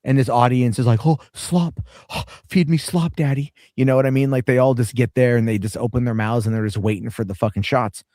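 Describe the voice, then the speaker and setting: A man's voice: medium pitch, flat delivery, fast talker, few pauses, darkish tone, no echo, studio quality. A man hosting a casual reaction show, talking in a profane, sarcastic, rambling way. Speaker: reaction streamer host.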